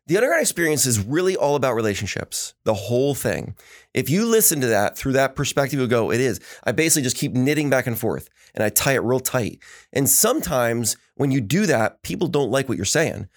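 A man hosting a casual podcast, telling animated stories and acting out the quotes of the people in them. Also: medium pitch, fairly quick. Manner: animated storytelling with acted quotes. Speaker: podcast host.

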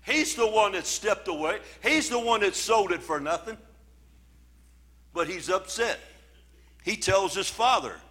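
High, bright-voiced male pastor preaching. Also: animated, measured pace, long pauses. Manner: preaching with scripture readings, emphatic and conversational. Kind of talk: sermon.

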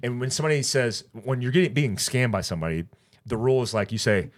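A man's voice: mid-range voice, quick pace. A middle-aged man co-hosting a podcast, telling a story casually and acting out the other people's lines. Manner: rambling, animated retelling with quoted dialogue. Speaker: podcast co-host.

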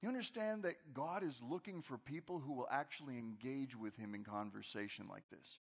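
A pastor preaching a conversational, animated sermon to his congregation in a large church. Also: medium pitch, moderate pace, gravelly, breathy edge. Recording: long hall reverb.

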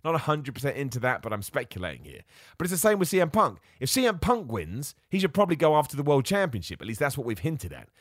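A man hosting a solo wrestling podcast, talking in an excitable, self-mocking way and jumping between ideas. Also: mid-range voice, fast talker, breathy edge, dry recording, studio quality. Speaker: podcast host.

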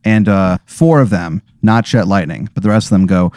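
A man's voice: low voice, normal speed, darkish tone, dry recording, clean studio sound. A young man in a casual podcast, improvising a rambling story full of fillers and hesitations. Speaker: podcast host.

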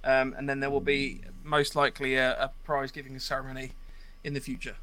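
Bright-voiced male podcast host. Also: mid-range voice, monotone, a little fast. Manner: rambling, with many fillers. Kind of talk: casual podcast chat.

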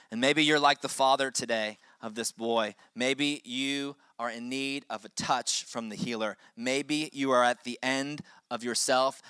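A man's voice: mid-range voice, pushed and bright, clear, resonant tone, no echo, studio quality. A man preaching a sermon as pastor, with impassioned delivery that swells and drops for emphasis.

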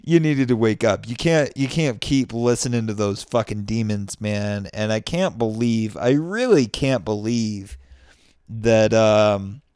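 A man's voice: on the low side, slow pace, a little mellow, smooth, no room sound, studio quality. A man hosting his own show in a casual monologue, rambling and swearing freely, restarting his sentences and laughing often. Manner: rambling and profane, many restarts and frequent laughter. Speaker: podcast host.

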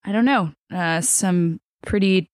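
A woman taking part in a tabletop game, talking in a hesitant, halting way. Her voice sits on the low side for a woman. The sound is dry and close to the mic. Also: no room sound. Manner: hesitant, halting speech with restarts. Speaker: player. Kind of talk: tabletop game role-play.

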